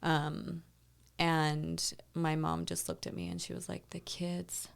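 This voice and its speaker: A woman's voice: low voice, big pitch swings, takes it slowly, gravelly, smooth. A woman in her thirties, a podcast guest, tells a painful personal story in a rambling conversational way, full of "like" and "you know.". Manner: intense, reliving a painful memory.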